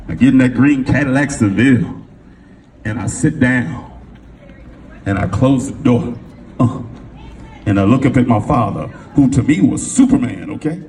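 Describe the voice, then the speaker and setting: A middle-aged man from California, a motivational speaker telling a personal story to a live audience in an animated, slangy way, acting out the voices of the people in it. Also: medium pitch, normal speed, pauses often. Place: event venue before an audience. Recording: distant mic with faint room noise.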